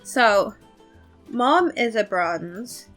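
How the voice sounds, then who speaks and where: A woman's voice: medium pitch, lively intonation, very slow, fairly bright tone, faint music behind. A woman giving casual commentary while playing a game, chatty, thinking aloud and poking fun at herself. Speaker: let's play host.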